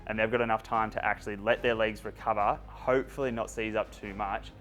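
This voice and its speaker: A man's voice: lowish voice, fairly even intonation, fairly quick, fairly bright tone, faint music behind. A man explaining a running strategy step by step in a casual interview. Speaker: runner and narrator.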